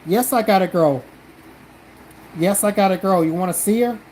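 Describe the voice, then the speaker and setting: The Southern streamer, from South Carolina, swears casually while defending himself to his chat. He speaks at normal speed in a high, slightly mellow voice, over a rough recording with a faint background hum.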